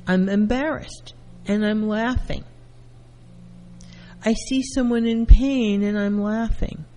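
A woman therapist giving a calm lecture, explaining terms through everyday first-person examples. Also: medium pitch, slow, in a large hall, rough recording. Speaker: therapist teaching.

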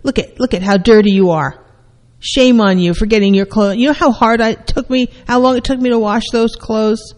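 Stern scolding parent, louder and higher than usual, as a therapist puts it on; long hall reverb. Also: flat delivery, slow, natural voice. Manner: sharp, rebuking questions.

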